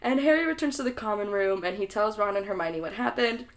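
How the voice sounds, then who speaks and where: A woman co-hosting a podcast, casually recapping a book with animated retellings, frequent laughter and casual swearing. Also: medium pitch, fast, a crowd in the background. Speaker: podcast co-host. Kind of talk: casual chat, recapping a book with acted-out quotes.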